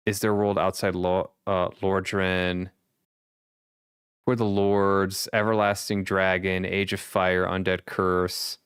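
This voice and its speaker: A man's voice: low voice, flat delivery, slow pace, fairly bright tone, clear, resonant tone, no room sound, studio quality. A male streamer chatting casually and thinking aloud, rambling with fillers. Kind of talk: casual chat.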